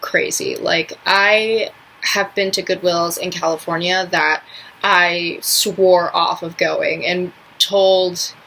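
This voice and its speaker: A woman's voice: lowish voice, fairly even intonation, takes it slowly, vocal fry, fairly bright tone, a little hiss or hum, low-quality recording. A young woman from New York chatting casually in a vlog, rambling with lots of filler words. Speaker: vlogger.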